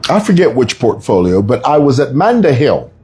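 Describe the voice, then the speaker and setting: A man giving casual political commentary, emphatic and animated, telling stories with frequent asides. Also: medium pitch, moderate pace, husky. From Zambia.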